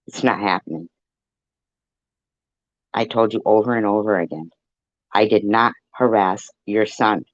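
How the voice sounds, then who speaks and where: A man delivering a profane, taunting rant straight to the camera, slow and deliberate. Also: on the low side, dry recording, muffled recording.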